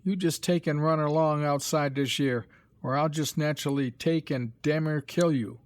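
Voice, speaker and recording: A man's voice: fairly high pitch, fairly even intonation, normal speed, dry recording, close to an everyday voice. A man reading aloud, voicing a sarcastic older stable hand who scolds fighting boys. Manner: loud, scolding, heavy dialect.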